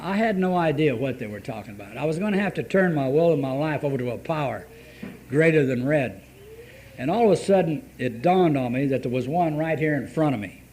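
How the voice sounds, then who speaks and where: A man's voice: on the high side, a little mellow. An older man telling a plain-spoken, folksy recovery story at an AA meeting. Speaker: AA meeting speaker. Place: meeting room. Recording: old cassette tape with faint hiss.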